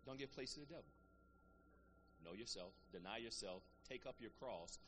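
Preacher guy giving a sermon, real bright tone, voice jumps all over, faint room noise behind. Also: medium pitch, moderate pace. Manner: lively, preaching with rising emphasis and call-and-response asides.

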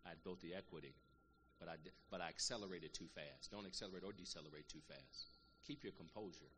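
A middle-aged man preaching a sermon, calling out to the congregation and swinging between loud exhortation and quiet, earnest asides. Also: low voice, wildly swooping pitch, quick pace. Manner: call-and-response preaching, calls out "Amen" and "saints". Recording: long reverb of a large hall, faint room noise.

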